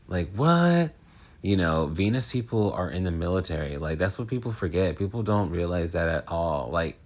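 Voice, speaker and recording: A man who hosts an astrology channel, talking in a rambling, frank, casual monologue full of fillers and restarts. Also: deep voice.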